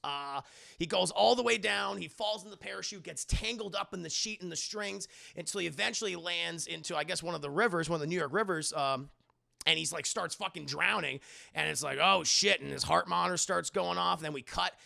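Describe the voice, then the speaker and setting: A man streaming a casual, animated film recap, swearing often and acting out scenes in voices. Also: sits high, a little fast, vocal fry.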